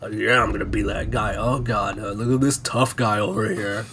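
A man's voice: on the low side, steady tone, normal speed, a crowd in the background, close to an everyday voice. A man putting on the voice of an insecure tough guy he is mocking, in a sneering tone. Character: mocked insecure tough guy, male adult.

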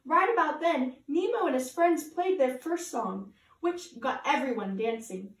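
A woman reading a storybook aloud to children as a party entertainer, animated and adding chatty asides. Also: high voice, unhurried. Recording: echoey room, voice from a distance.

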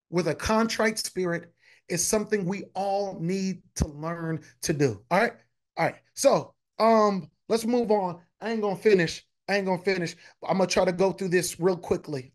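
A high-pitched man preaches as a pastor in a conversational style, repeating phrases and speaking directly to his congregation.

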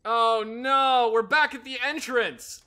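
A man's voice: very high voice, steady tone, slow, bright, forceful tone, clean tone. A man co-hosting a gameplay video, making offhand jokes and hesitating before answers. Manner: joking, offhand, hesitant fillers. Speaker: co-host joking along. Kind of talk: casual gameplay banter.

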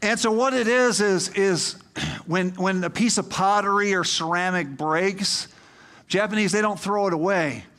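A middle-aged male pastor delivers a sermon in a high, light voice. He talks to the congregation like a friend, with asides and questions, and builds up to emphatic, rousing appeals. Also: unhurried, fairly bright tone.

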